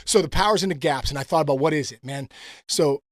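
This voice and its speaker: A middle-aged man talks fast in a casual interview. His voice sits a little high for a man, and he tells stories with lots of fillers. The sound is dry and close. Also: no echo. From Pittsburgh, United States. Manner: animated storytelling, many fillers. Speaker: guest, former baseball player and coach.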